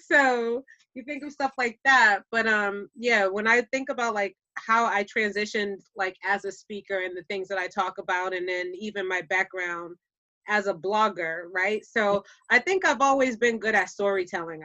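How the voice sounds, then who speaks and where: A woman, telling stories in casual podcast chat, animated and slangy, often laughing. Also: mid-range voice. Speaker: podcast guest, public speaker.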